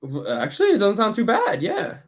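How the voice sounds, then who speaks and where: A man's voice: sits high, wildly swooping pitch, a little fast. A man teaching French in a casual online workshop, chatty, laughing often and putting on voices for quoted speech.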